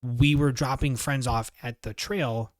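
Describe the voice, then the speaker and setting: Profane, animated young man telling a story. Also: mid-range voice, unhurried, dry recording, studio quality. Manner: animated storyteller, swears a lot, acts out voices of others. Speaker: podcast co-host. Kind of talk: casual storytelling chat.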